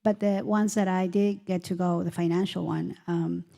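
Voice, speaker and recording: Woman, congregation member, podium testimony, mellow lowish voice, hesitant. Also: steady tone, normal speed, creaky. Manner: gentle, hesitant, grateful, with many ums.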